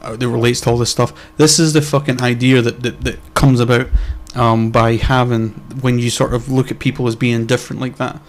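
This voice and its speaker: A man's voice: mid-range voice, level tone, fairly quick, few pauses. A young man co-hosting a casual podcast, talking bluntly and heatedly and swearing a lot. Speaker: podcast co-host.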